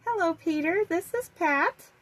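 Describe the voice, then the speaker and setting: A woman's voice: very high voice, expressive, a little slow, a bit bright, voice pushed up, exaggerated voice. A woman voicing a polite, caring aunt in a read-aloud storybook. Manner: polite, friendly.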